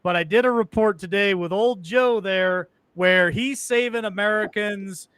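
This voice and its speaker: Male host, fairly high and crisp voice, hesitant with ums, sarcastic asides. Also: a little slow, fairly bright tone, dry recording, studio quality. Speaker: show host. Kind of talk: casual conversational talk.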